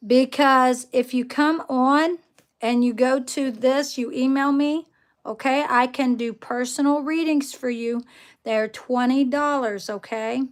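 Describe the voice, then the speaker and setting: A woman tarot reader chatting casually on a livestream, often calling her viewers guys and checking in with okay. She sounds like she is talking into a phone held in her hand. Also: fairly high pitch.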